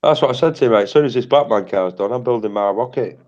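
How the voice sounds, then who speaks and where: A man's voice: medium pitch, fast talker, a little mellow, muffled recording. A British man hosting a livestream in casual chat, blunt and repetitive, swearing freely. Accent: British English. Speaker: livestream host.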